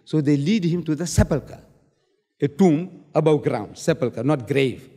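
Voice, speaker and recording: A man with a fairly high voice argues his side of a public debate. He presses each point with rhetorical questions and repeats key words for weight. His voice rings out with the long reverb of a large hall. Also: expressive, a little slow, mellow.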